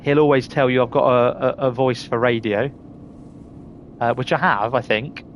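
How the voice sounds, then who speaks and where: A man's voice: mid-range voice, steady tone, moderate pace, a little hiss or hum. A middle-aged man with a Surrey accent, chatting casually to viewers while live-streaming a game, reading out their names and laughing often. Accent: Surrey English. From England.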